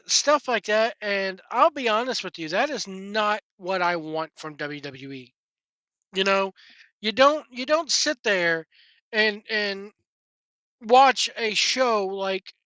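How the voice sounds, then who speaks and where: A woman's voice: mid-range voice, pushed and bright, dry recording, highs cut off. A woman giving a rambling, exasperated opinion rant as a wrestling podcaster, often repeating words as she goes.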